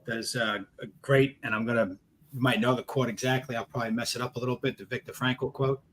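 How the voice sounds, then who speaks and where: A man hosting a conversational interview, animated and quick to laugh, sometimes searching for his words. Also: medium pitch, a little hiss or hum. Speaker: host.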